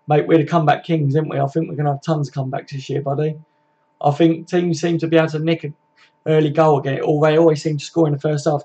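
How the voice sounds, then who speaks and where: A man's voice: on the high side, mellow, husky. A man hosting a casual football fan live stream, reading out chat comments in a laddish way, swearing and calling viewers mate. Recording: dull lo-fi stream audio.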